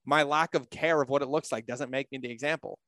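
A man's voice: mid-range voice, steady tone, quick pace, fairly bright tone, dry recording, clean studio sound. A man in his thirties, a business coach and guest on a podcast, talking in a blunt, candid way and swearing freely. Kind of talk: casual podcast conversation.

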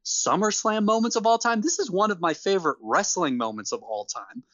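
A man co-hosting a casual podcast, ranting in an animated, exasperated way and laughing between points. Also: sits high, fairly quick, dry recording, lo-fi sound. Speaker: podcast co-host. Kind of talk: casual wrestling podcast chat.

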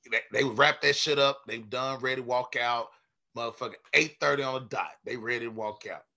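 Bright-voiced comedian swapping stories. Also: male voice, mid-range voice, fairly quick, creaky. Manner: animated, profane, acts out quoted voices loudly. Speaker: stand-up comedian, podcast guest. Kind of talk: casual storytelling chat.

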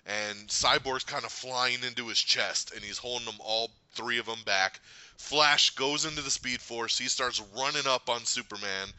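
A man's voice: mid-range voice, normal speed, smooth, dry recording, dull audio. A man hosting a podcast, retelling movie scenes in casual chat and acting out the characters' lines. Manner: animated, retells scenes with laughs and acted quotes. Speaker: podcast host.

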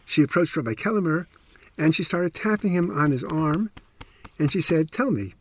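A man's voice: a little high, moderate pace. A man narrating a true story on a podcast, emphatic with wry asides, close to the mic.

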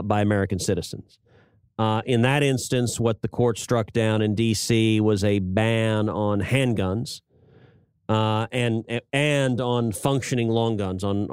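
Smooth-voiced middle-aged man chatting, dry sound. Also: fairly low pitch, darkish tone, no room sound. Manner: stammering restarts, laughs at own jokes. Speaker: podcast co-host, senator. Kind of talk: casual political podcast chat.

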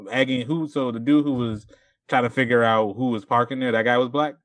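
A man's voice: medium pitch, fairly even intonation, a little fast, no room sound. Man reacting in casual chat. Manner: brief reactions and follow-up questions.

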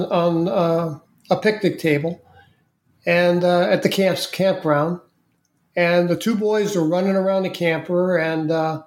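A man appearing as a podcast guest, recounting a story in an unhurried, vivid way with frequent restarts. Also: sits high, darkish tone. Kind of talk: conversational storytelling. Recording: roomy, echoey sound.

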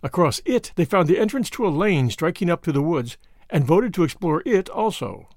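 A man narrates a story in an expressive, well-paced reading. His voice sits high for a man and moves through a wide, animated range. The recording is close and dry. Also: normal speed, no room sound. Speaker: audiobook narrator. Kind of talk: scripted narration.

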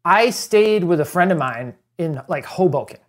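A man's voice: on the high side, expressive, normal speed. A man telling rambling, self-deprecating stories as a guest on a casual podcast. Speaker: guest, former stand-in.

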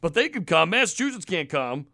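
High-pitched man ranting angrily. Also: sing-song, brisk, creaky, pushed and bright, no echo, studio quality. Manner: angry, profane, emphatic ranting. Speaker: podcast host. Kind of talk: profane ranting podcast chat.

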